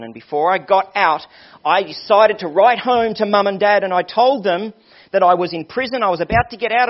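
A man's voice: high-pitched, lightly acted. A man preaching voices a remorseful young man going home after prison, telling his story nervously. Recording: dull lo-fi sermon recording.

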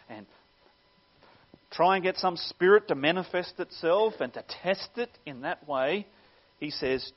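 A male pastor preaching a sermon earnestly, swelling louder on key phrases and dropping low at their ends. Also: dull audio.

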